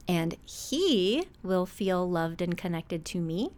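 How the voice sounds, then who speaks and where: A woman's voice: fairly low pitch, slow. A woman therapist hosting an advice podcast, talking conversationally and acting out everyday scenes. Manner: animated, acts out everyday scenes; warm, conversational, with frequent "okay?" check-ins. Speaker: couples therapist and podcast host.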